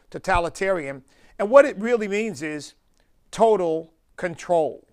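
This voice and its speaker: Gravelly emphatic American preacher man. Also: fairly high pitch, a bit bright. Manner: emphatic, drawn-out stresses on key words. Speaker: pastor. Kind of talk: sermon.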